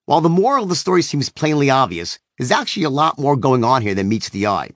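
A man's voice: mid-range voice, sing-song, fast talker, no echo, clean studio sound. A man narrating his own book as an audiobook in a brash, emphatic manner. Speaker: author-narrator.

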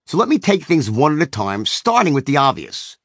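A man's voice: a little high, big pitch swings, brisk, a bit bright, dry recording, studio quality. A man narrating his own book as an audiobook in a brash, emphatic manner. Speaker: author-narrator.

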